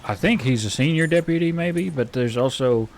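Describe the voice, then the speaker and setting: A man playing a frontier healer in relaxed in-character roleplay, rambling and hesitant with many fillers. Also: fairly high pitch, moderate pace, a little hiss or hum. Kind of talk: in-character western roleplay chat.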